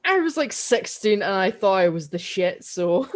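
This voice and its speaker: A woman's voice: mid-range voice, very animated, normal speed. A young Scottish woman co-hosting a podcast, telling long stories in casual chat and laughing often. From Scotland. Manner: rambling, giggly storytelling. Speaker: podcast co-host.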